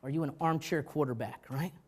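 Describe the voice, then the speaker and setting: A male pastor preaching a sermon, telling stories with urgency that drops to hushed tones, often restarting his words. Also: fairly high pitch, a little fast, breathy edge. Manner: animated storytelling, swinging from loud urgency to quiet.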